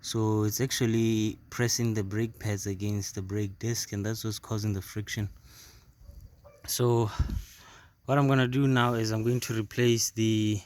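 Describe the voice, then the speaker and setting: A man hosting a casual car repair video, explaining step by step in a halting way and repeating words as he works on a jacked-up car. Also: on the low side, flat delivery, a little mellow. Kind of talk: casual how-to demonstration.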